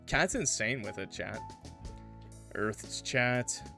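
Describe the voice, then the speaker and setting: A man's voice: mid-range voice, expressive, slow, gravelly, sharp tone, soft background music. A man reading a visual novel aloud with playful, joking asides to his chat. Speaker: gaming YouTuber. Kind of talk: casual let's-play commentary and reading aloud.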